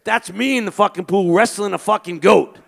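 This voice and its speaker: A man's voice: fairly quick, creaky, darkish tone. A man doing a frazzled, cursing rocker guy. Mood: indignant. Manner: profane, high and indignant.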